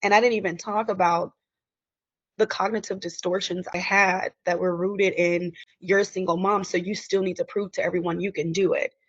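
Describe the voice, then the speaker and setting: A woman's voice: fairly low pitch, steady tone, moderate pace, dry recording. A woman speaking candidly as a podcast guest, emotional and acting out quoted dialogue. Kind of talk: candid interview conversation. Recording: dry, muffled lo-fi audio.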